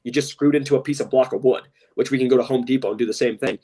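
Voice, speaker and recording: A man's voice: mid-range voice, fairly even intonation, rapid-fire, mellow, slightly rough, distant mic. A man co-hosting a podcast in casual talk, blunt and impassioned, often saying "literally" and "straight up". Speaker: podcast co-host.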